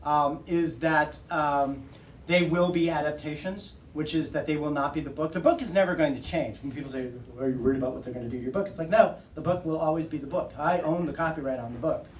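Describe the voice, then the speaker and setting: A man in his forties, an author speaking casually to an audience at a bookstore, animated and laughing often as he acts out quotes. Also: on the high side, fairly quick, a little hiss or hum. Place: bookstore event room. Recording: roomy audio from far off.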